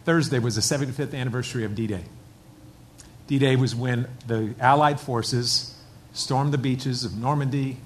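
A pastor from the United States preaching a sermon, telling a story and building to emphatic, rising lines. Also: male voice, medium pitch, a little hiss or hum.

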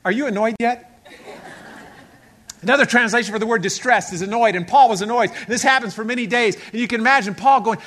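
A male pastor delivers an emphatic sermon in a high, bright voice. He acts out the scripture and everyday scenes, dropping to a hush and then rising again. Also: a little fast. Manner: emphatic, acts out quotes, swings from hushed to loud.

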